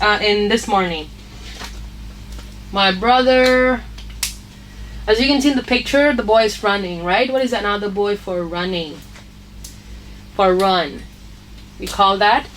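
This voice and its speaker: A woman's voice: mid-range voice, far from the mic, slight background noise, rough recording. A woman teaching an English phonics lesson, patiently repeating each point and checking with "okay?". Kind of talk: online grammar lesson.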